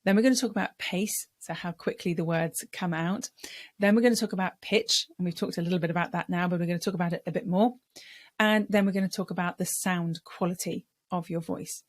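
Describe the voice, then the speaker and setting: A middle-aged woman voice coach giving a lesson on speaking, explaining clearly and measuredly. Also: fairly low pitch, steady tone, brisk, no echo.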